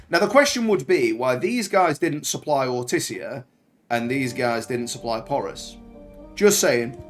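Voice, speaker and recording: A man talks through his game playthrough in a chatty, bantering way, ribbing the soldiers on screen. His delivery is lively and animated, jumping up and down in pitch. Game music plays behind him. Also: unhurried. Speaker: gaming channel host. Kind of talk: let's play commentary.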